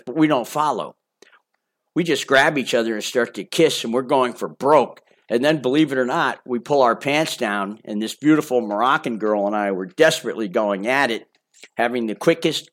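An older man reading his own memoir as an audiobook, in a casual, chatty and boastful storytelling manner. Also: mid-range voice. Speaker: memoir author.

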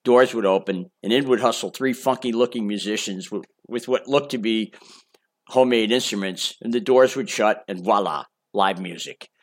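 A man's voice: on the low side, normal speed. An older man reading his memoir aloud in a casual, boastful storytelling manner with chatty asides. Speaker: memoir narrator.

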